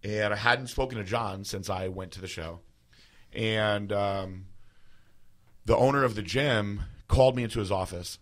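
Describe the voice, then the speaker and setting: A man's voice: fairly low pitch, measured pace. A man in his thirties telling a personal story in a casual, rambling way, full of fillers. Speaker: podcast host.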